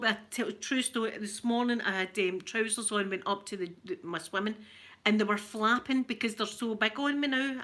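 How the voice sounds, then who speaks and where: Bright-voiced chatty Scottish woman. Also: fairly high pitch. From Scotland. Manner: chatty, animated storyteller. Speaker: ASMR channel host. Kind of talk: casual livestream chat.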